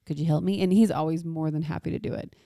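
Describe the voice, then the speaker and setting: A woman in her thirties co-hosting a casual parenting podcast, animated and laughing often as she acts out what people said. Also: low-pitched, quick pace, vocal fry, no echo, studio quality. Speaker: podcast co-host. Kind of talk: casual chat.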